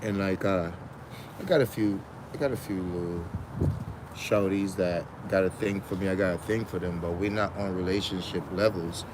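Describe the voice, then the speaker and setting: A man's voice: sits low, normal speed, background noise. A man on a casual livestream, talking slangy and profane, laughing often and hammering home repeated phrases. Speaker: livestream host.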